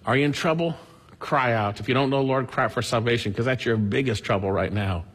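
A man's voice: mid-range voice, a little fast, slightly rough, big-room sound. A man preaching a sermon, earnestly reading scripture aloud with emphasis. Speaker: pastor.

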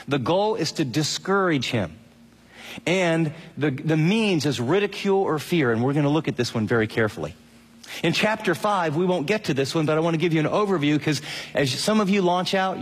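A middle-aged pastor preaches a lively radio sermon, acting out quoted voices along the way. His voice is husky, a little breathy and on the high side, with a long hall reverb trailing his words.

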